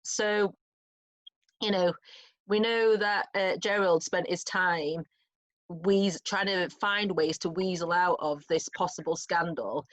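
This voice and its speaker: A woman's voice: lowish voice, slow. A woman English teacher talking through a play in an informal revision chat, thoughtful and chatty. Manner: thoughtful, chatty, with restarts and small laughs. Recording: lo-fi muffled recording.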